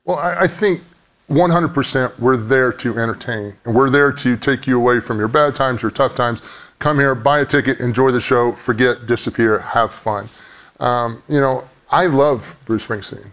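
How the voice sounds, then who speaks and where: A man's voice: medium pitch, moderate pace, fairly bright tone. A man joking around as a guest on a panel talk show, often putting on silly voices. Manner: jokey, slips into mock voices. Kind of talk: casual panel banter.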